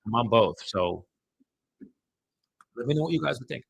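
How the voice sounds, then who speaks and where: A man's voice: medium pitch, animated, normal speed, vocal fry, husky, no room sound. A man, a real estate agent chatting bluntly and with some profanity to live-stream viewers while his dialer runs. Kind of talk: casual live-stream chat.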